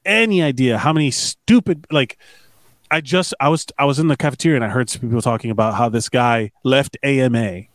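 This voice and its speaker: A man co-hosts a podcast, rambling casually and swearing and joking while he reads out comments. His mid-range voice moves a little fast. The sound is clean studio audio with no echo.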